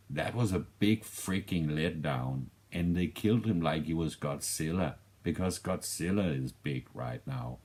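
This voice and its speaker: Man with a Danish accent, extremely deep voice, rambling casual film review, frequent restarts, offhand swearing. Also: a little mellow. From Denmark.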